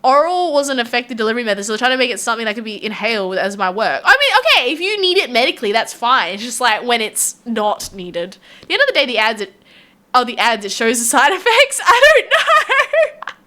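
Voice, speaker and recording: A woman's voice: on the high side, big pitch swings, fairly quick, pushed and bright. An Australian woman streaming live, chatting casually and rambling with her viewers, laughing often.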